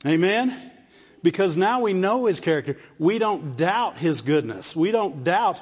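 A man delivers a sermon in a fairly high voice, checking in with the listeners and repeating phrases as he builds his point. His voice carries a long reverb from a large hall. The sound is dull and muffled. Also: expressive, a little slow, husky. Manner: call-and-response asides, repeats phrases. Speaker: preacher.

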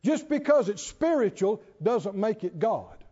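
A very animated, slightly rough-voiced preacher gives a sermon in a high, swinging, warm and mellow tone. His emphasis is heavy and slow, his stresses stretched, with an occasional chuckle. The sound is dull and lo-fi, trailing long reverb from a large hall.

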